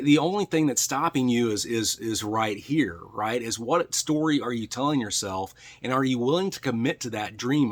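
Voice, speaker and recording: A man speaking straight to his viewers in a motivational vlog, earnest and a bit preachy. He keeps repeating phrases for emphasis and checks in with a quick "right?" as he talks from his truck. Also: medium pitch. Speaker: real estate coach.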